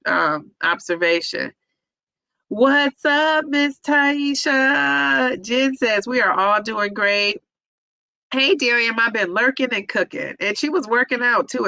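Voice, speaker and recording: A woman's voice: mid-range voice, a little slow, pushed and bright, no echo, low-quality recording. A woman hosting a casual livestream, reading viewers' comments aloud and cheering each of them on by name.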